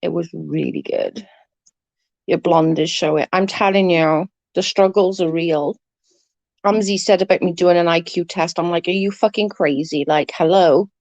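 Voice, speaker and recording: A woman's voice: on the low side, steady tone, moderate pace, gravelly, darkish tone, no echo, lo-fi sound. A woman streaming live, chatting casually and rambling with her viewers, swearing now and then.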